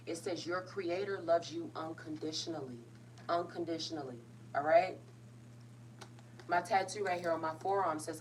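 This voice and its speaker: Woman tarot reader, deep voice, blunt and slangy, distant mic, faint background noise. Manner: blunt, emphatic, slangy, swears freely. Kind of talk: casual tarot reading.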